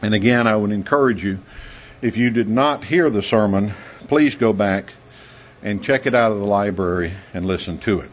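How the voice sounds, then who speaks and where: A man from the United States preaching a sermon in an emphatic way, with sudden high, excited bursts. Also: normal speed. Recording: dull lo-fi sound.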